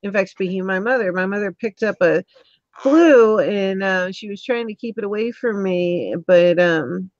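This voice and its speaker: A woman hosting a casual video-call interview, chatty with frequent ums, recovering from being sick and clearing her throat. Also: medium pitch, normal speed, no room sound. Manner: chatty, warm-toned with filler ums. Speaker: interview host. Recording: dull lo-fi call audio.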